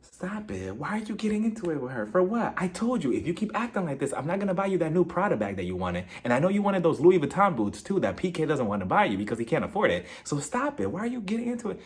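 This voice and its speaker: Male YouTuber puts on a smooth-talking husband: soft, murmured, lively pitch. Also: fast talker. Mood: coaxing. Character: hushed, smooth-talking middle-aged husband calming two women.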